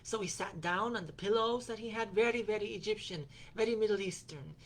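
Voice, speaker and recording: A woman hosting a show recounts a personal trip in a loose, meandering way. She fills her sentences with little fillers and restarts, and she slips into quoting the people she met along the way. Her voice sits at a middle pitch. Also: brisk. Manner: rambling, with frequent fillers and restarts; quotes other people in her retelling. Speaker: podcast host. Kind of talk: personal travel storytelling.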